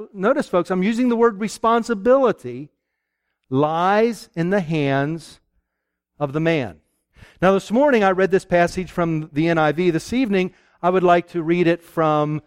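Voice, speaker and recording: Male preacher from Pennsylvania, folksy and lively, engages the congregation with questions; high voice. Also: smooth, no echo, clean studio sound. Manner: folksy, animated, asks the audience questions. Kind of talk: sermon.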